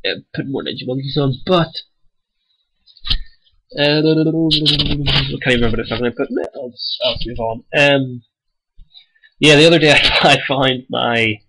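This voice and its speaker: A young man talks casually over his gameplay, wandering from point to point with plenty of ums. His nose is blocked and his voice carries a slight rasp from a fading cold, sitting at a middling pitch. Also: fairly even intonation, normal speed, pauses often, bright, forceful tone, low-quality recording. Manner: rambling and hesitant, many ums. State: stuffy-nosed, slightly raspy from a cold. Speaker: gaming channel host.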